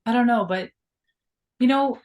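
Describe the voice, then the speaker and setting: A woman's voice: a little high, a little slow, darkish tone, lo-fi sound. A woman co-hosting a casual chat, playful and laughing easily. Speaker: co-host.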